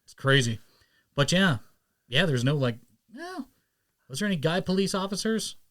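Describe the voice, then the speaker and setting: A man in his thirties hosting a podcast, telling stories in a rambling, animated, casual way and swearing now and then. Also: on the high side, moderate pace. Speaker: podcast host. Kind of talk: casual chat.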